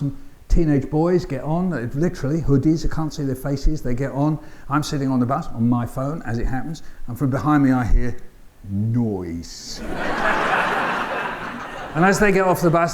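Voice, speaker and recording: An older man with a London accent delivers a keynote as a storyteller. His voice sits a little higher than most men's. He acts out voices and sounds with a dry, playful humour. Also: normal speed, a little mellow. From England. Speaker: keynote speaker. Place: conference hall.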